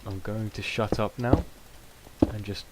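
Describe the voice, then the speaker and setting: A man's voice: fairly low pitch, steady tone, a little slow. A young British man giving rambling, self-mocking casual gameplay commentary, with many ums. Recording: noisy home recording.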